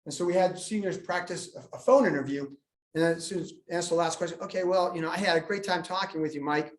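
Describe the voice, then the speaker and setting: A man's voice: on the high side, fast talker. A man, a school administrator, giving a live presentation to parents, telling funny stories and acting out students. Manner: animated storyteller, jokes and acts out students. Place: school meeting room. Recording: echoey room, live meeting.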